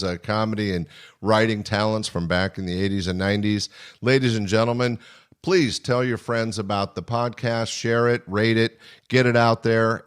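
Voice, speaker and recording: A middle-aged male podcast host chatting in a friendly, halting way, full of fillers. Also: lowish voice, clear, resonant tone. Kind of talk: casual interview chat.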